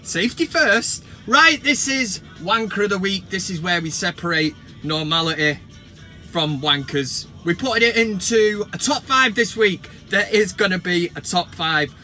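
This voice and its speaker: A man hosting a comedic football vlog, ranting in a mocking, sweary, excitable way. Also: sits high, measured pace, soft background music. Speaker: vlog host. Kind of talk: casual comedic football rant.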